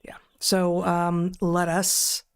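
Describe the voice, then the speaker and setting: A woman's voice: medium pitch, darkish tone. Woman with a dry, wry manner, podcast host. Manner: dry, wry, a bit halting. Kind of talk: casual chat and read ad.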